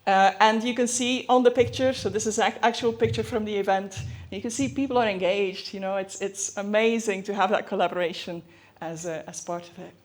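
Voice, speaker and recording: A woman giving a conference presentation in a hurried, chatty way, full of fillers and self-aware asides. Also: medium pitch, fairly even intonation. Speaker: conference speaker. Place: conference hall.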